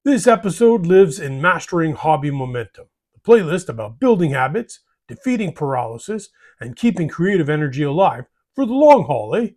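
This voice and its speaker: A man's voice: a little high, big pitch swings, normal speed, a little mellow. A man hosting a hobby channel, delivering a scripted monologue in a folksy way, ending lines with "eh?" and "bud".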